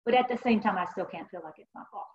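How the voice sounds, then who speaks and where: A woman's voice: medium pitch, fast talker, a little mellow. A woman counselor giving an online presentation, sharing client stories in an earnest, conversational way with many fillers. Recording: dull lo-fi online call audio.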